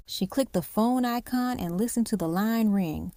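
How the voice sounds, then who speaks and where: Female narrator for an audiobook drama, mid-pitched, very dry booth sound. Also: normal speed, hardly any pauses, mellow, no echo. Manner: acts out each character's lines in the story.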